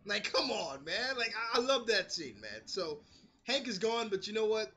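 Casual New male reviewer, high and bright, excitable and profane. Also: moderate pace. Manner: animated, swears freely, acts out quotes. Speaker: TV episode reviewer. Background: street construction noise.

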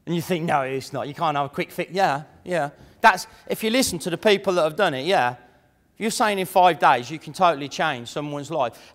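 A man giving a lively motivational seminar talk to an audience, chatty and full of mimicked voices. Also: fairly high pitch. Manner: animated, conversational, mimics imagined voices. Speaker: motivational speaker. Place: large room before an audience. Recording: echoey hall.

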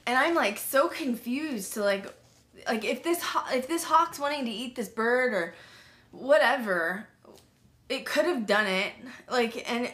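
A young woman vlog host telling a personal story in casual speech, full of "like" fillers, acting out what she said at the time. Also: on the high side. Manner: animated, frequent "like" fillers, acts out her own past speech.

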